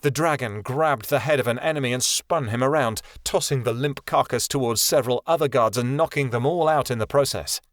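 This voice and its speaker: A man narrating a fantasy audiobook in a steady, even storytelling voice. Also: medium pitch, fairly quick, few pauses, no echo. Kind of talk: scripted narration.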